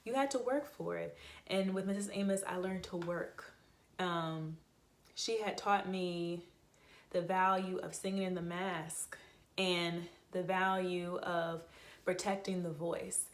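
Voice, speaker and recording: A woman's voice: fairly low pitch, steady tone, slow pace. A young woman telling a heartfelt, rambling personal story in a casual vlog, with many fillers and restarts. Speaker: vlogger, voice teacher. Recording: echoey room.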